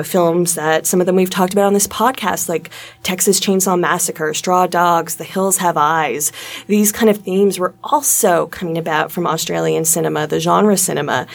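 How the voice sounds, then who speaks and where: A woman's voice: on the low side, gravelly. A woman from Canada, co-hosting a podcast and talking through film history in an analytical way, with mocking asides. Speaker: podcast co-host. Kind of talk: casual film discussion.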